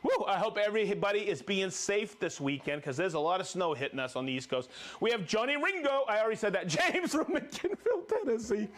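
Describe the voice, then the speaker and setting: A high-voiced man hosts a live stream, calling out viewers one after another with jokes and whoops. His pitch swings widely and lively, and his delivery stays upbeat and playful. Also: brisk. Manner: upbeat, jokey, reads viewer names with whoops. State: recovering from a cold. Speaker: livestream host.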